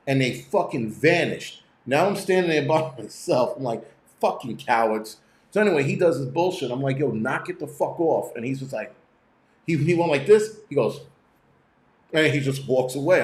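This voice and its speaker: A man with a fairly high-pitched, darkish, reverberant voice hosts his own channel. In a casual live-stream rant, he tells stories in a profane, rambling way, full of restarts and fillers.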